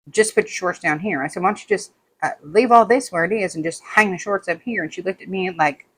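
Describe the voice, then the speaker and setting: A woman's voice: lowish voice, slightly rough. A woman vlogger chatting casually while doing a craft at home, rambling through stories and acting out what others said. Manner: rambling storytelling, animated quoting of others. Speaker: diamond painting vlogger.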